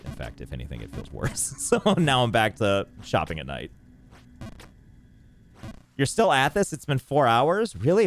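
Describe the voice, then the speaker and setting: A man streaming a game and chatting casually, telling ranting stories and answering chat. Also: on the low side. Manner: animated ranting storyteller, reads chat.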